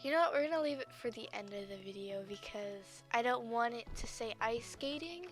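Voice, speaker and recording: A young woman giving casual gameplay commentary as a YouTuber, chatty and often gushing with excitement. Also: on the high side, fairly quick, soft background music. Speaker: gaming YouTuber.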